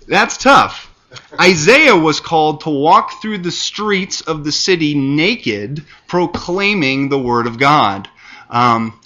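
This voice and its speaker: A man preaches a sermon, his voice bright and forceful as he works through scripture. He reads the verses with earnest, rising emphasis. The recording sounds a little dull and lo-fi. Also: mid-range voice.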